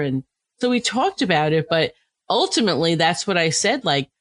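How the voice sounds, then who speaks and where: A woman's voice: fairly low pitch, sing-song, normal speed, dry recording. A woman hosting an interview podcast about breastfeeding, chatting casually and laughing along with her guest. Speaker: podcast host, lactation consultant.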